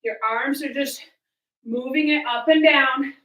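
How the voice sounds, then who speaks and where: A woman's voice: high voice, fairly even intonation, a little slow, pushed and bright, roomy sound, distant mic, rough recording. A woman fitness coach, out of breath, counting reps and cueing moves while she exercises along in a small room at home. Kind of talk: coaching a live home workout.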